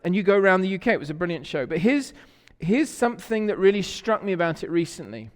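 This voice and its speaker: English male pastor, conversational sermon delivery, slightly high voice, reverberant sanctuary. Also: very animated, quick pace. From England. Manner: conversational storytelling, asks the congregation questions. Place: church sanctuary. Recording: long church reverb.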